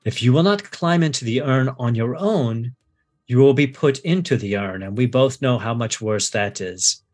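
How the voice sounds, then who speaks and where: A man voicing a smiling male priest torturer who speaks with calm, coaxing menace. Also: medium pitch, moderate pace, natural voice. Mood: silky menace.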